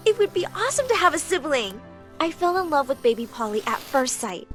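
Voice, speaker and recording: Casting: young woman, expressive storytime narrator, high lively voice, faint music underneath. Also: moderate pace. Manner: dramatic, expressive. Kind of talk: first-person storytime narration.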